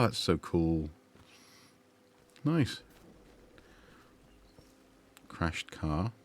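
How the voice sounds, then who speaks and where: A man's voice: sits low, unhurried. A man streaming a game, chatting and musing with lots of fillers and restarts. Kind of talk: gaming livestream commentary.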